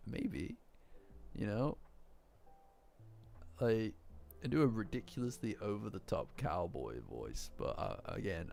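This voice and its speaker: A man's voice: deep voice, gravelly, darkish tone, slight background noise. A young man chatting casually on a live stream in a rambling, self-deprecating way.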